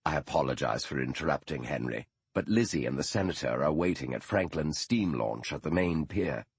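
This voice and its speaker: A man reading the part of Sherlock Holmes, an earnest, shaken detective who asks halting, urgent questions. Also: a bass voice, lively intonation, husky, dry recording, full character voice. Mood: polite.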